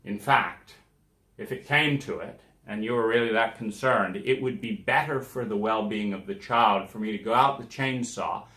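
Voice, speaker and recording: A man with a somewhat low voice hosts a reflective self-help talk. He speaks conversationally but with emphasis, acting out the people in his examples. The room around him rings with noticeable echo. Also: moderate pace, pushed and bright. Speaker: podcast host. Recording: echoey room.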